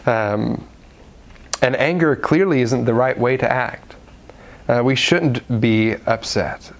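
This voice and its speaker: Guy doing a laid-back devotional talk, chatty, lots of ums, mid-pitched voice. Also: takes it slowly, gravelly. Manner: conversational, with fillers, acts out quoted voices. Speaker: preacher. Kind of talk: devotional sermon.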